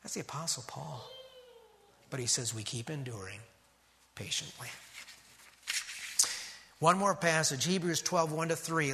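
A man preaching a sermon as pastor, emphatic and rhythmic, dropping to a hush on key words. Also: a little high, measured pace, long pauses, long reverb tail.

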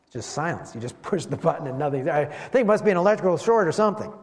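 A man preaching a sermon as pastor, animated and slowing down to stress key words. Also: on the high side. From West Michigan. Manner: animated preaching, slows for emphasis. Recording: long hall reverb.

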